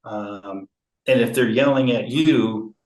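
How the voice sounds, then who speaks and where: A man speaking in an interview about conflict resolution, slow and measured, with frequent fillers and restarts. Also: mid-range voice, reverberant, rough recording. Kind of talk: relaxed interview talk.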